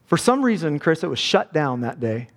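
Man, pastor, sermon, high voice, earnest, fervent, long hall reverb. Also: very animated, normal speed. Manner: earnest, building to fervent emphasis.

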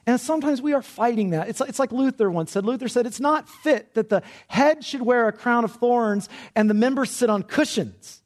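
A man preaching a sermon with great passion, dropping to a hush and then rising to loud, urgent cries. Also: very high-pitched, normal speed, hardly any pauses. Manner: impassioned, swinging from hushed to loud. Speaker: pastor.

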